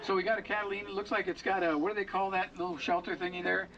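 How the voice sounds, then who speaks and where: A man working as auctioneer at an outdoor boat auction, calling bids quickly and joking with the crowd. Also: sits high, little pitch movement, background noise. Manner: rapid bid chant with playful crowd banter. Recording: distant, muffled, crowd around. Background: crowd chatter.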